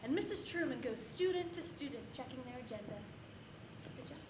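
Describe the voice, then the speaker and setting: A woman's voice: high-pitched, fast talker. A woman giving a live, comic personal storytelling performance on stage before an audience. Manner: comic, animated, with audience laughter between lines. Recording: echoey room with background noise.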